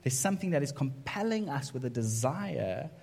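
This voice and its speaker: A man's voice: medium pitch, sing-song, moderate pace, creaky, a little mellow, husky. A man preaching a conversational sermon as pastor, often checking in with "right?". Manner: conversational, keeps asking "right?". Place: church sanctuary. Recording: echoey church hall reverb.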